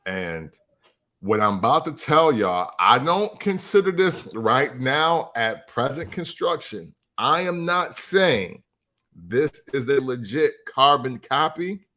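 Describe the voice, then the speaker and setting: Slow-talking laid-back man. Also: mid-range voice, sing-song, pushed and bright. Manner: laid-back, laughing often. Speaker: podcast co-host. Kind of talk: casual podcast chat.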